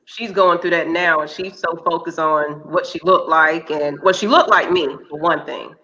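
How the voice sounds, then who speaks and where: A woman's voice: fairly low pitch, normal speed, sharp tone. A woman in her thirties, a podcast co-host talking frankly and candidly in casual chat. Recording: dull lo-fi recording.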